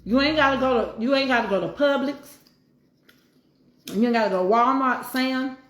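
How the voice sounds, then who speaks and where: A middle-aged woman who runs a home cooking vlog chats casually while eating, dropping in folksy, preachy asides. Her voice is high and her pace moderate, and the sound is roomy.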